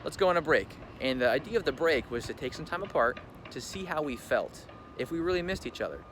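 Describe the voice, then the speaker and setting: Fast-talking young man, noisy background. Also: fairly high pitch, sing-song. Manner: chatty, full of "like", acts out quoted talk. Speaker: vlogger. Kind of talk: casual storytelling. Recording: loud background ambience noise.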